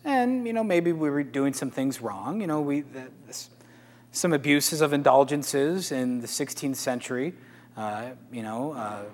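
A man, a Catholic priest, giving a casual, animated talk to a live audience, asking rhetorical questions. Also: medium pitch. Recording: echoey hall.

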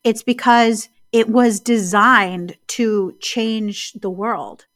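A woman co-hosting a casual podcast, talking in a reflective, storytelling way and slowing down on key words. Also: on the high side, steady tone, no echo, studio quality. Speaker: podcast co-host.

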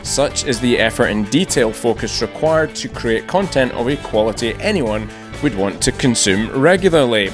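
A man's voice: medium pitch, animated, moderate pace, hardly any pauses, over music. A man hosting a podcast, reading a wry intro with self-mocking asides, then chatting casually with his guest. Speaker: podcast host. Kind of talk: scripted intro then casual interview chat. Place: large empty echoing conference room.

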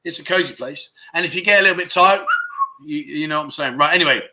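A man's voice: fairly high pitch, fast, pushed and bright. Chatty man hosting a quiz. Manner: chatty, teasing, reads viewer comments aloud. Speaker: livestream host. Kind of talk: casual livestream quiz chat.

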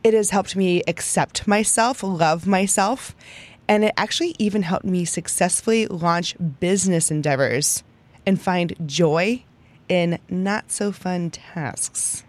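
A woman's voice: fairly low pitch, slow. A young adult woman hosting a podcast, teaching in a chatty, upbeat way and often tagging lines with "right?". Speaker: podcast host. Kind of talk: casual teaching monologue.

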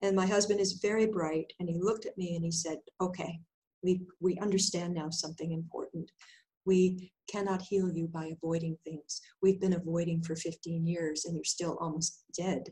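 An older woman recounts her story as a guest, her pitch climbing and falling as she acts out each exchange. She slips into other people's voices for the quoted lines and laughs her way through the telling. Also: normal speed, rough recording. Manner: animated, acts out dialogue in voices. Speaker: guest, intuitive healer. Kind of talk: storytelling in conversation.

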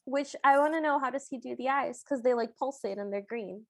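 A woman with a high, light voice chats her way through a film recap on a podcast. She keeps jumping into quick impressions of the characters as she tells the story. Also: vocal fry. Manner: animated, acts out characters' lines while retelling. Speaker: podcast co-host. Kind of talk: casual chat recapping a film.

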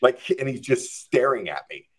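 A man's voice: medium pitch, sing-song, moderate pace. A man telling a story as a podcast guest, acting out his own reactions with lots of "like.". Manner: frequent "like" and "I'm just like". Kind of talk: casual storytelling.

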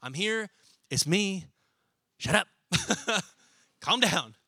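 A young pastor playing a weary apostle just out of prison, exasperated and hushing a room with casual slang. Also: male voice, sits high, animated, very slow, slightly rough, no echo, clean studio sound, heavily acted.

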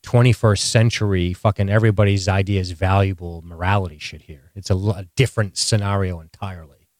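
A man co-hosting a podcast in casual, animated chat, swearing freely and teasing his co-host. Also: deep voice, no room sound, studio quality. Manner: animated, profane, jokey, quick to tease.

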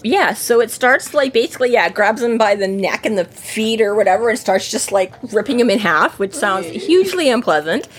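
A woman's voice: a little high, moderate pace, few pauses. A woman chatting casually about a book she is discussing with friends. She talks in long, winding sentences, restarting often and stacking fillers as she works out her point. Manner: animated, rambling, lots of fillers and restarts. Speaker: podcast co-host.

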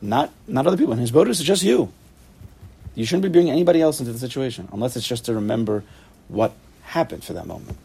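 A man teaching an informal Torah study class, animated, repeating himself and restarting sentences, mixing in Hebrew and Yiddish terms. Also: medium pitch, fast, creaky, husky. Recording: recorded in a study room for a tape.

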